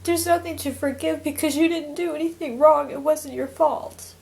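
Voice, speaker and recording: A woman voicing a sweet, wise little female pet bird spirit who speaks gently and lovingly. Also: high voice, fairly even intonation, normal speed, gravelly, voice pushed up. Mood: tender reassurance.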